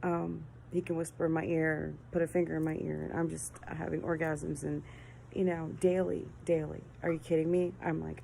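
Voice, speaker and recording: A woman calling in to a talk show, rambling and gushing with thanks and excitement. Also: low-pitched, moderate pace, creaky, slight background noise, poor audio. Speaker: caller.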